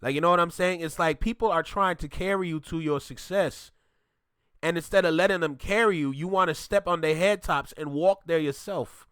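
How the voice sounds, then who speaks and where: A man hosting a reaction video, talking in a casual, animated, joking way, with mock outrage and slow drawn-out words for emphasis. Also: a little high, clear, resonant tone, no room sound, clean studio sound.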